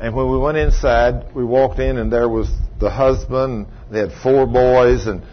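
A man's voice: mid-range voice, fairly even intonation, measured pace. A middle-aged man preaching a sermon as a story, folksy in tone and rising to emphatic outbursts. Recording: dull lo-fi recording.

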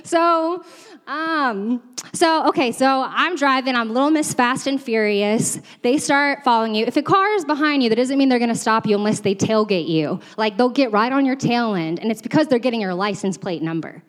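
A woman's voice: a little high, animated, normal speed. A young woman on a church's staff, telling a self-deprecating story in a sermon, chatty and laughing often, with lots of fillers. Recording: long reverb from a large hall.

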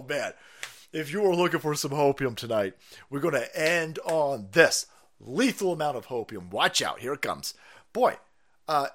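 Male livestream host, crude mocking rants, a touch high-pitched. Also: fairly bright tone. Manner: crude, mocking, laughs often. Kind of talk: profane political rant stream.

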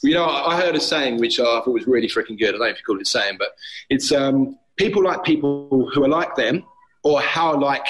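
A man's voice: mid-range voice, a little fast, rough recording. A man, a personal trainer and gym owner, chatting on a podcast and acting out gym banter as he tells stories. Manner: animated storyteller, acts out gym banter. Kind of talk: casual podcast chat. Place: outdoors on a street. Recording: faint street noise behind.

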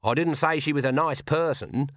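A man reading an audiobook and voicing a stern, shrewd old witch woman who speaks in a dry, calm, cutting way. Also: fairly high pitch, normal speed, dry recording, voice pushed up.

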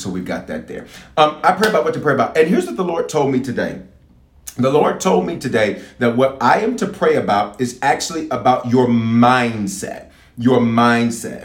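A man's voice: medium pitch, echoey room. A man, a bishop, leading a livestreamed prayer sermon. He talks straight to his online viewers, asks them to type and wave, and repeats key phrases for emphasis.

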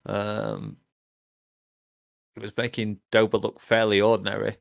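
A man's voice: lowish voice, very animated, measured pace, creaky, no echo. A man giving a laid-back take in a casual podcast chat, laughing easily. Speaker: podcast co-host.

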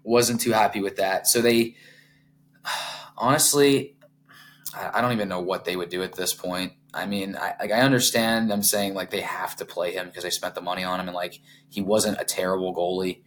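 A man's voice: low voice, moderate pace, slight background noise. An American man co-hosting a casual sports podcast, telling stories candidly and peppering them with "like". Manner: candid, animated storytelling with swearing and "like". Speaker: podcast co-host.

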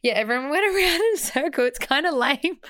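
A young woman co-hosting a podcast, excitable and chatty, swearing casually. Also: sits high, fast. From Australia. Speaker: podcast co-host. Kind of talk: casual chat.

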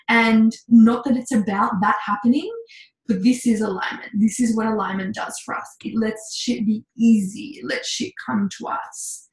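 A woman coach telling a candid personal story in a casual, lively way, with mild swearing. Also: on the high side, moderate pace, echoey room, poor audio. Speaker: intuitive coach, podcast guest.

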